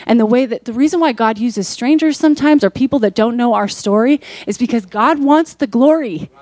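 Woman pastor, sermon, higher voice, dry close sound, casual delivery that builds to emphatic peaks. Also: fairly quick, a little mellow, dry recording. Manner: conversational preaching, rising to emphatic peaks.

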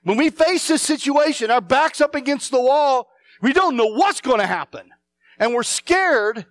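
Male pastor, sermon delivery, very animated pitch, dry recording. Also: normal speed, no echo. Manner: emphatic, repeats phrases, swings between loud and hushed.

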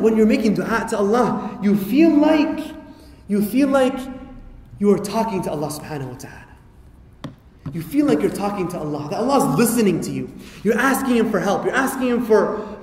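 A man with a very high speaking voice delivers an animated religious lecture. He acts out quoted voices and rises to emphatic shouts. The sound rings with long reverb from a large hall. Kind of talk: Islamic lecture. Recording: echoey hall recording.

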